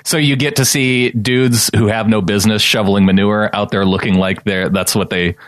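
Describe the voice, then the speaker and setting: A man's voice: on the low side, fairly even intonation, normal speed, fairly bright tone, dry recording, clean studio sound. A man co-hosting a sports podcast in casual chat, joking and laughing often, acting out quoted lines. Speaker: podcast co-host.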